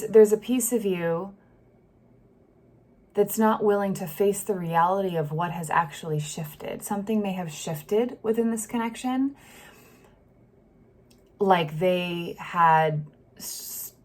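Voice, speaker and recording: Reading tarot in a loose, chatty monologue, this woman speaks at a middling pitch into a close microphone. She's slow and a little mellow, pausing often, and she gets swept up in the emotions she describes, sighing and leaving sentences unfinished.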